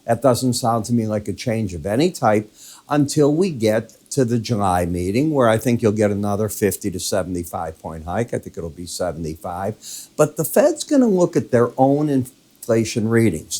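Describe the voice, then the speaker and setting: An older man hosts a daily financial market wrap-up, walking through charts in a conversational, emphatic way. His voice is on the low side and warm, with lively intonation at normal speed, and he coughs now and then from a lingering illness.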